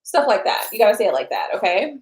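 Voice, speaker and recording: A woman's voice: mid-range voice, fast talker, low-quality recording. A woman reading tarot on a live stream, chatting with viewers and answering their comments with frequent laughs. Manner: animated and chatty, laughs often, talks straight to viewers.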